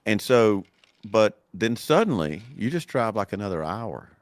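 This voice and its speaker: Deep-voiced man in enthusiastic chat. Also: very animated, unhurried, dry recording. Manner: enthusiastic, repeats words, many likes and you knows. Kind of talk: casual podcast chat.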